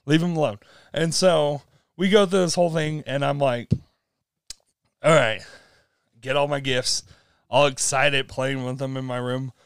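With long pauses and an unhurried pace, a young man's mid-range voice carries a clear, resonant tone in clean studio sound with no echo. It's a casual chat where he tells a long story animatedly, laughing frequently and acting out the quotes of the people involved.

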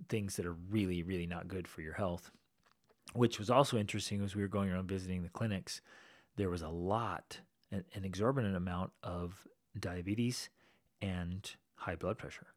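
Low-voiced man telling a story. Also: no echo, studio quality. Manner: animated, acts out quoted people. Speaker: podcast host. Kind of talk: storytelling podcast monologue.

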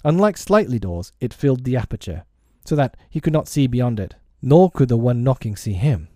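Brief: male audiobook narrator, expressive, warm low timbre, dry close sound. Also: moderate pace, no room sound. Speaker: audiobook reader. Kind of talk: storybook narration.

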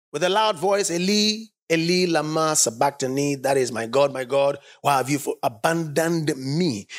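Emphatic preacher, lively sweeping intonation, mid-pitched voice, repeats key lines and asks the congregation to answer back. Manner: call-and-response with the congregation; emphatic, repeats phrases for stress. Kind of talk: sermon. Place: church service.

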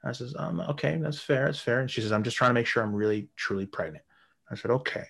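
A man's voice: mid-range voice, fast, creaky, fairly bright tone, slightly rough. A man in his thirties telling a rambling, crude story in casual chat, swearing often. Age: 30s. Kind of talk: casual anecdote.

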